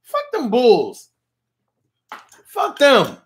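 A man's voice: very high voice, huge pitch swings, very slow. A man delivering a playful, slangy, rambling comedic monologue, at times mooing like a cow.

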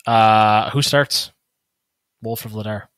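Low-voiced man, bright and dry. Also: steady tone, takes it slowly, clear, resonant tone, no echo. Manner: rambling, trails off into asides. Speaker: podcast co-host. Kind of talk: casual sports chat.

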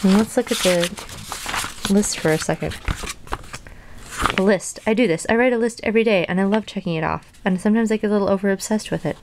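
A woman reading a children's storybook aloud in an even storytelling voice, then chatting casually about it. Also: mid-range voice, a little fast, long pauses, slight background noise. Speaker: reader and video host.

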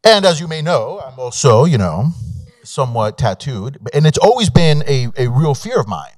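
A man's voice: mid-range voice, sing-song, moderate pace, darkish tone, no room sound, studio quality. A man, an immigration attorney, telling a personal story to an audience in a conversational way, with fillers and quoted dialogue. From Mexico. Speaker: immigration attorney, guest speaker. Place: law school event room.

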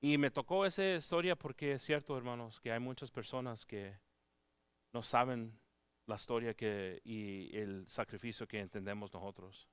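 A man preaching a church sermon in an earnest, halting way, often restarting his words. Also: medium pitch, smooth, dry recording. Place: church service.

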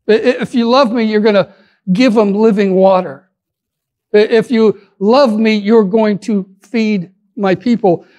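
Earnest high-voiced male pastor preaching. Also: steady tone, a little mellow. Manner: earnest, repeats words and restarts, stretches key phrases slowly. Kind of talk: sermon.

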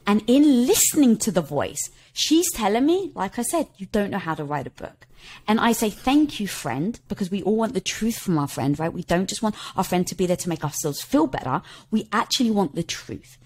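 A middle-aged woman, a podcast guest and author, telling stories with expressive energy, often laughing and quoting herself. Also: medium pitch, fairly quick, few pauses. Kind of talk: animated conversational storytelling.

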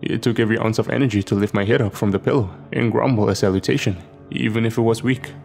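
A man telling a scripted horror story in the first person, his voice gravelly and fried at the ends of phrases. He sounds slightly low and keeps a dry, sardonic tone, with faint music underneath. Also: fairly even intonation, fast talker, a little mellow.

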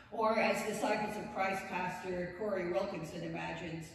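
A woman's voice: fairly low pitch, steady tone, moderate pace, gravelly, hardly any pauses. Woman pastor preaching wryly in echoey church. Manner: wry, storytelling delivery with playful asides. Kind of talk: sermon. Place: church sanctuary. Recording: echoey church hall, distant mic.

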